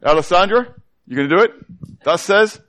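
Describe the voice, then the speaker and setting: A man teaching a Bible study sermon to a congregation, animated, constantly asking the room questions and coaxing children to join in. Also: sits high, fairly quick.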